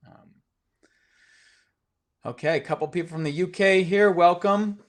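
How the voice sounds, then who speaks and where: A man speaks as a mindfulness teacher on a live stream. His delivery is loose and conversational, full of fillers, false starts and repeated words. His tone stays earnest and gently encouraging throughout. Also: high-pitched, unhurried.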